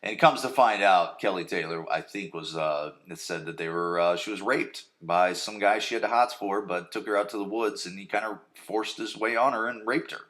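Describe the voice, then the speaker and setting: A man's voice: fairly low pitch, moderate pace, few pauses, fairly bright tone. A man hosting a podcast, casually recapping a TV episode in a rambling, crude way and often checking in with "right?". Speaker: podcast host.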